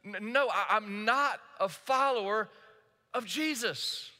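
A man's voice: high-pitched, lively intonation, a little slow, bright, forceful tone, heavily acted. A male pastor voicing an impulsive adult male disciple who insists and protests in a sermon retelling. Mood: denying. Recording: echoey hall.

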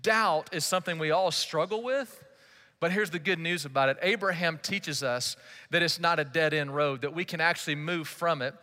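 High, bright-voiced male preacher. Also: moderate pace, long reverb tail. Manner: emphatic, conversational preaching with repeated rhetorical questions. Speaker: pastor. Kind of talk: sermon.

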